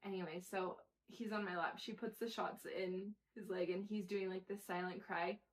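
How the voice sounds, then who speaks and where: A young woman co-hosting a podcast, telling lively stories about her kids and acting out their lines between laughs. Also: mid-range voice, normal speed. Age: young adult. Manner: animated storytelling, acts out kids' lines, laughs often. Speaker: podcast co-host. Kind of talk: casual chat.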